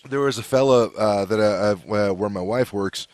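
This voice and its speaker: A man's voice: fairly low pitch, moderate pace, a little mellow, no room sound. A man from the United States hosting a podcast, talking in a loose, chatty way with many fillers and restarts. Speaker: podcast host. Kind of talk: casual interview chat.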